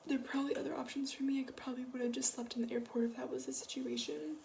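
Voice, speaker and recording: A woman's voice: on the high side, lively intonation, very fast, vocal fry, few pauses, darkish tone, a little hiss or hum. A teenage girl vlogging a casual storytime, rambling with lots of swearing and restarts. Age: teens. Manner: rambling, swears a lot, many restarts and fillers.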